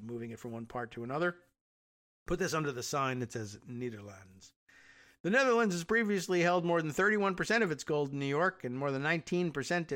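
A man reads a news story aloud in casual commentary. He keeps stopping for wry, offhand remarks, and his voice sits a little higher than most men's. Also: fairly bright tone. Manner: reads aloud, then breaks off into wry asides. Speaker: host reading and commenting on news.

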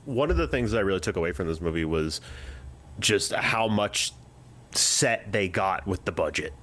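A man with a low voice chats casually about a film. He makes short, dry remarks in a relaxed way. His tone stays easygoing. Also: normal speed. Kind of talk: casual chat about a movie.

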